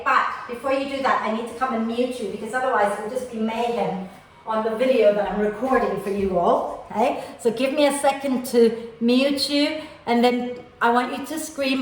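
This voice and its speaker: A woman teaching an online prenatal yoga class, guiding gently and tagging her cues with "okay?". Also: on the high side, heavy reverb, distant mic, rough recording. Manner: gentle, tags nearly every instruction with "okay?". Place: room recorded for an online class.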